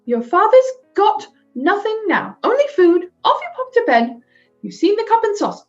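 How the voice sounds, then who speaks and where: Brief: woman reading as an anxious, weepy small mother; high, swooping, emotional; dull audio, soft music underneath. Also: sing-song, normal speed. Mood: fussing. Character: fretful, tearful little mother, fussy and anxious. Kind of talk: storybook read-aloud.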